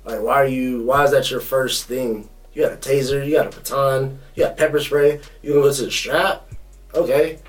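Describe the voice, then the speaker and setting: A young man co-hosting a podcast, telling a story in a casual, profane, animated way. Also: mid-range voice, normal speed, distant mic, low-quality recording. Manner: animated, profane, acts out quotes. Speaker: podcast co-host.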